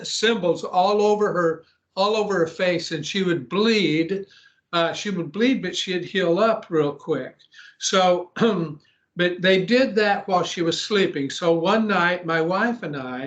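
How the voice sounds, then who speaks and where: A man with a somewhat high voice tells a long story as a guest pastor in an interview. He speaks earnestly, clears his throat often, and restarts his sentences. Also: a bit bright, lo-fi sound.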